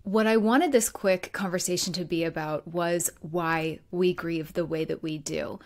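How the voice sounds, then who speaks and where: A woman's voice: fairly low pitch, a little slow. A woman in her thirties hosting a solo podcast as a grief coach, talking in a conversational way with light laughs and fillers.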